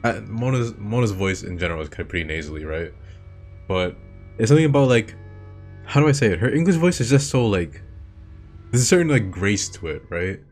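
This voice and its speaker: Brief: young male host, casual rambling commentary, lowish voice, soft music behind. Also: animated, fairly quick. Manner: enthusiastic, swears often, repeats himself. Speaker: video host. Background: faint game music.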